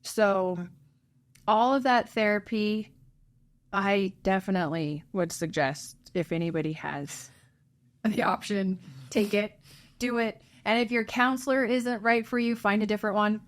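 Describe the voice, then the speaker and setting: A woman, a guest on an interview, telling her own emotional story in an earnest, halting way, her voice sinking low at the hardest parts. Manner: earnest, halting, voice dropping low at hard moments. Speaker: interview guest, birth mother.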